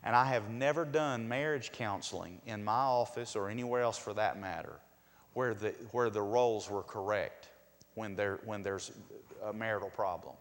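A man's voice: on the low side, moderate pace. A male pastor delivering a sermon, asking rhetorical questions and acting out quotes in a raised voice. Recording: long hall reverb.

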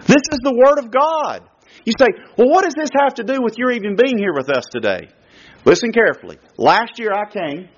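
A man preaching a sermon as a guest speaker at a church service, emphatic and full of rhetorical questions. His pitch swings widely as he talks. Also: a bit bright, breathy edge. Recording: lo-fi dull recording.

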